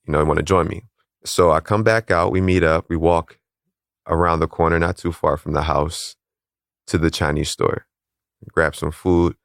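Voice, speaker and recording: Deep-voiced man telling his story. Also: creaky, no room sound, clean studio sound. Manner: calm, measured retelling, acting out quoted voices. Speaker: interview guest, calisthenics league founder. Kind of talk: personal storytelling in an interview.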